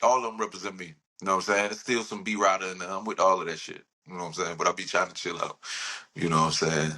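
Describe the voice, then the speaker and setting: A man's voice: low voice, flat delivery, fast talker, sharp tone. A man, a rapper talking in a casual podcast interview, rambling and laid-back. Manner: laid-back, rambling, says "you know what I'm saying" often.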